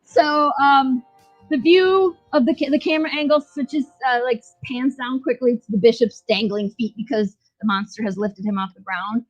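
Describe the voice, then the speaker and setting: This podcast co-host is a woman with a fairly high pitch, a moderate pace, and no echo on her voice. She rambles casually and profanely about a show, laughing while she retells scenes, over dull lo-fi audio with faint music.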